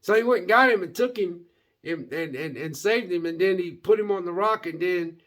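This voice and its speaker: A man's voice: high-pitched, normal speed. A man giving a casual, rambling movie review, repeating words and saying "man" often. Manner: folksy, animated.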